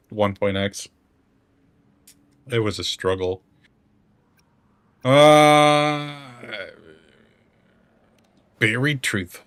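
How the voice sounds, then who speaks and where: Male streamer, low voice, casual rambling chat, dry close sound, faint music. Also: a bit bright, smooth, dry recording. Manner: rambling, chatty with viewers.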